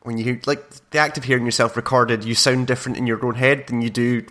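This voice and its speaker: A young man co-hosting a podcast, his voice a little hoarse from being ill. He talks in a loose, rambling way, often breaking off and restarting mid-sentence. His pitch sits in the middle range for a man. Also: little pitch movement, fast, sharp tone. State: hoarse, recovering from illness. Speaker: podcast co-host. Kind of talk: casual chat.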